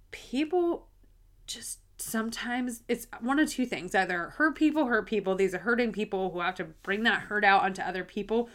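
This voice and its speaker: A woman's voice: mid-range voice, a bit bright. A woman, hosting a casual solo podcast, candid and blunt, swearing freely and laughing often. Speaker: podcast host.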